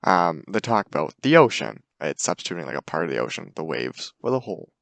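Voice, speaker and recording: A man's voice: deep voice, big pitch swings, quick pace, creaky, a bit bright, dry recording. A young man giving a casual, hesitant class presentation full of fillers. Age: young adult. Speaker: student presenter.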